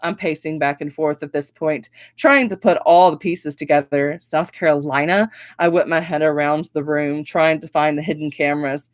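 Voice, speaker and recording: A woman reading her own novel aloud with expressive first-person storytelling. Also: deep voice, normal speed, hardly any pauses, no room sound. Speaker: author reading her book.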